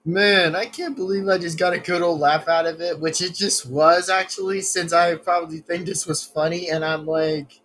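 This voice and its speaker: A man's voice: fairly high pitch, steady tone, moderate pace, few pauses, a bit bright, a little hiss or hum. A man rambling through casual reaction commentary, laughing often and swearing. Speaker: video reactor.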